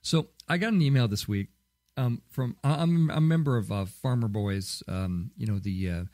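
Speaking at a normal speed in a medium-pitched, darkish voice, this podcast host from Southern California rambles through a casual solo episode full of fillers and restarts. The sound is clean studio audio with no room sound.

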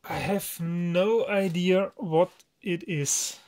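A man unboxes gear in an easygoing way, often breaking into exclamations of surprise. His pace is slow and unhurried, with a faint hiss of noise under the voice. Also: high-pitched, steady tone. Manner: exclamatory, marvels aloud at items. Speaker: electronics video host. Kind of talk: casual unboxing commentary.

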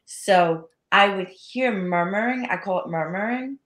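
A woman's voice: mid-range voice, unhurried. A woman hosting an interview, asking questions and sharing her own experiences in a conversational way. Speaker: host interviewer. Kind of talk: casual interview chat. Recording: echoey room.

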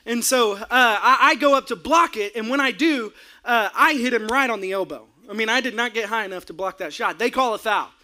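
A man preaching a sermon, his voice pitched unusually high for a man. He tells a lively story with energy, raising his voice to shout and then laughing. The tone is forceful and bright. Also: a little fast, few pauses. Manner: animated, acts out his own outbursts with shouting and laughter. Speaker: pastor.

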